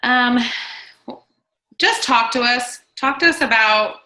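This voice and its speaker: A woman hosts a casual video-call chat, her voice bright and forceful. She prompts her guest in a chatty way, and the echoey room rings around her. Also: a little high, takes it slowly. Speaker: host.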